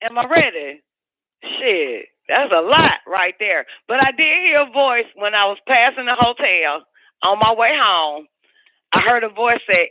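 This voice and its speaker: A man's voice: extremely high pitch, lively intonation, normal speed, no room sound. A man hosting a live call-in radio show, rambling on with heavy profanity and emphatic repeats. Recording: dry, phone-like radio sound.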